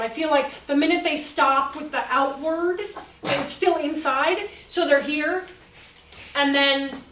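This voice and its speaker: A middle-aged woman giving an animated, chatty workshop talk to educators. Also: high voice. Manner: animated, chatty, acts out kids' outbursts. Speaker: teacher trainer. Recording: echoey room, voice from a distance.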